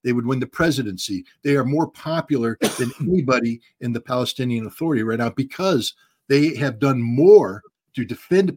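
A man in a mid-pitched voice gives blunt answers in an interview. He keeps doubling up words and dropping in "um"s while he hunts for the next phrase. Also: darkish tone, breathy edge. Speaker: guest commentator.

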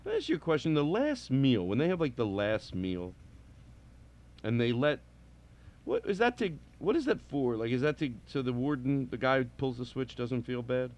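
On his comedy podcast, a man delivers a casual monologue, drifting into tangents, restarting sentences, and chuckling through his stories. His voice sits at medium pitch, a little mellow, very animated, at normal speed.

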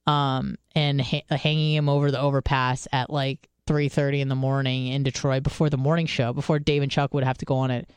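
A woman radio co-host in casual studio chat, her voice smooth and clear over a dry, close mic. She tells stories frankly, swears freely and stumbles through fillers. When she quotes someone, her voice leaps much higher. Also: level tone, brisk, few pauses, dry recording. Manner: candid and profane, lots of fillers and restarts.

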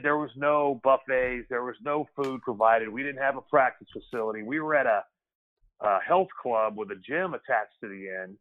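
A former pro basketball player, interviewed as a guest, tells easygoing stories from his playing days in a mid-range voice heard over a thin, phone-like line. He talks loosely and conversationally, often restarting mid-sentence and saying "kid" a lot.

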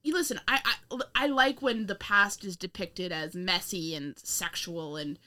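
A woman's voice: medium pitch, a little slow, pushed and bright. A young woman co-hosting a casual film review chat, rambling, laughing often and swearing with sarcastic asides. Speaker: podcast co-host.

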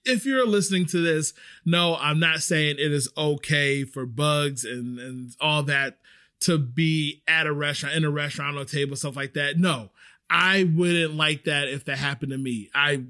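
A man hosting a podcast, telling a story in a chatty, animated way, full of fillers and the odd swear. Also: on the high side. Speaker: podcast host. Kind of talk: casual storytelling.

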